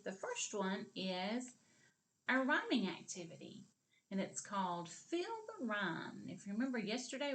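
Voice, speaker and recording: A woman with a Southern US accent teaching a kindergarten reading lesson, repeating words slowly and clearly for young children. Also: medium pitch, fairly bright tone. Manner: slow, sing-song, repeats words for children.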